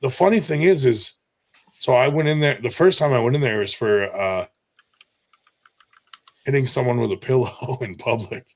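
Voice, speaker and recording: A man's voice: medium pitch, moderate pace, long pauses. Profane, laughing man telling stories. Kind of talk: casual storytelling.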